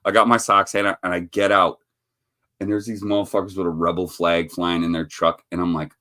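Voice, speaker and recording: Man from the Chicago area, livestream host, low voice, swears constantly, laughs through his stories. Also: a little fast, fairly bright tone. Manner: profane, rambling storyteller who laughs often. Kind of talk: casual livestream chat.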